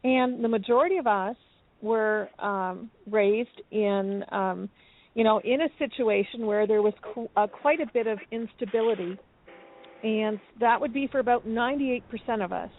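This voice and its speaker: A woman from Canada, a guest author on a radio interview, who answers in a measured way with frequent ums. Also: a little high. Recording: phone-like call-in audio.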